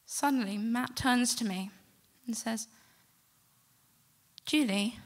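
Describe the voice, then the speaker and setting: A middle-aged woman telling a personal story to a live audience, animated and acting out the quotes. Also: a little high, takes it slowly, pauses often. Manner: lively, animated retelling with acted-out quotes. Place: stage before a live audience.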